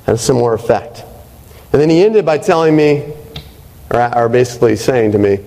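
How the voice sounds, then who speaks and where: A man's voice: mid-range voice, expressive, brisk, warm tone. A male pastor preaching a sermon in a conversational way, often checking in with "right?". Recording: reverberant hall.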